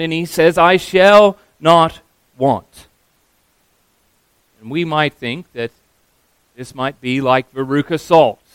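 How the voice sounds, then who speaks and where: A man preaching a sermon as a pastor, earnest and emphatic, slowing down on key phrases. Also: on the high side, smooth, dry recording, low-quality recording.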